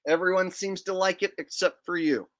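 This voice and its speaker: A man's voice: high-pitched, steady tone, normal speed, fairly bright tone. A man hosting a casual livestream, joking and rambling while he reads out chat comments. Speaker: livestream host.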